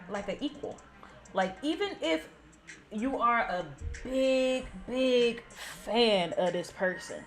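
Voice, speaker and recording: Chatty woman with a higher voice. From San Francisco Bay Area. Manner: chatty, blunt and profane, addresses viewers as y'all. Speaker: vlogger. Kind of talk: casual storytelling. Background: faint background music.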